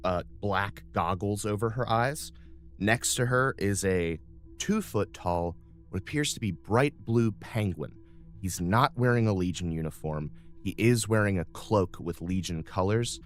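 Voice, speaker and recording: Low-voiced man narrating a tabletop game. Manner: casual, meandering narration with many fillers. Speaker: game master.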